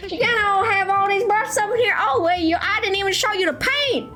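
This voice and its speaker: A woman's voice: very high-pitched, a little fast, bright, forceful tone, soft background music, voice pushed up. A woman voicing a folksy, drawling painter with a put-on Southern U.S. accent, dropping words as she shows off brushes. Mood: excited.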